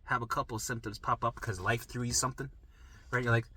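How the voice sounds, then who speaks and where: A man who coaches recovery, teaching in a casual monologue to camera while drawing. He talks in an animated way, swears freely and acts out little quotes. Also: medium pitch, fast, slightly rough, dry recording.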